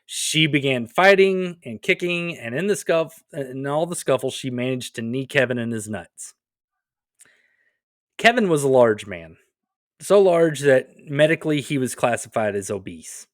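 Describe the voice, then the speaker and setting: A man co-hosts a comedy podcast, recounting stories in a relaxed, casual way with dry, wry asides. His voice sits in an ordinary middle pitch. The sound is close and dry, with no room echo. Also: a little slow. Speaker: podcast co-host.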